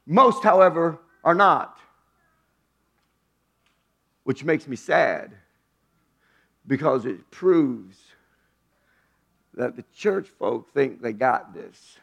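A man preaching a sermon as pastor, moving from low hushed phrases to loud high exclamations. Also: lively intonation, drawn-out words, creaky, long pauses.

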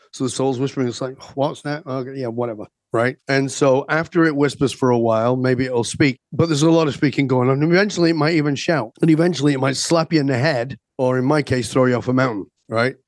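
A guest coach on a podcast interview tells stories and asks rhetorical questions. He has a medium-pitched, slightly mellow voice, and the recording has no echo.

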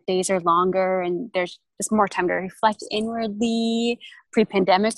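A woman's voice: medium pitch, no echo, low-quality recording. A young woman co-hosting a podcast, chatting casually with many restarts and fillers. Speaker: podcast co-host. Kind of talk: casual chat.

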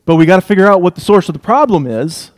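A man preaching an expository sermon, emphatic, swinging between loud declarations and hushed asides. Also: sits high, expressive, fast talker.

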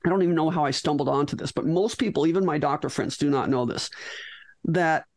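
A woman's voice: low voice, a little fast, a little mellow, no echo. A middle-aged woman, a physician guest in an interview, tells a story animatedly with frequent restarts and acted-out lines.

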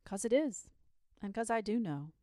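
A woman voicing a bookish young boy who speaks quietly and matter-of-factly, sleepy and unbothered. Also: mid-range voice, expressive, moderate pace, no room sound, clean studio sound, pitched above the performer's own voice, natural voice. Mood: calm.

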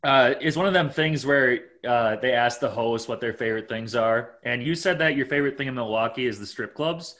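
A man co-hosts a podcast and slips in jokes with a straight face. His voice sits at a middling pitch and his delivery stays casual. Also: brisk, hardly any pauses. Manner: deadpan joker. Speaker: podcast co-host. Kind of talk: casual chat.

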